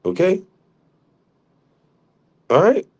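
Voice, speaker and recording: A man's voice: high-pitched, huge pitch swings, very slow, breathy edge. A middle-aged man hosting a livestream, arguing heatedly with a rival and mocking him with frequent laughs. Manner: mocking, combative, laughs often. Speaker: livestream host.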